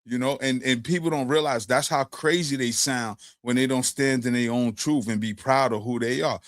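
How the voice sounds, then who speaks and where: A man's voice: mid-range voice, normal speed, no room sound, clean studio sound. A man from Brooklyn, hosting a casual discussion and telling stories with streetwise slang. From Brooklyn, New York. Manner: animated storyteller, streetwise slang.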